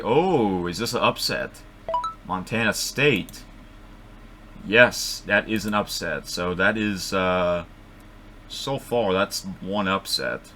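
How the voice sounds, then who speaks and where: A man thinking aloud as he makes picks at his computer microphone, rambling and correcting himself, with sudden excited outbursts. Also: low-pitched, noisy background. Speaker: vlogger making bracket picks. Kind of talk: casual thinking-aloud commentary.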